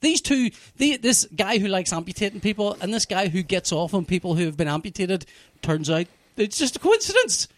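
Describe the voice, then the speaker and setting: A man telling a TV plot in casual chat, animated and profane, full of restarts. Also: high voice, a little fast, no room sound. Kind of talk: casual chat, recapping a TV show.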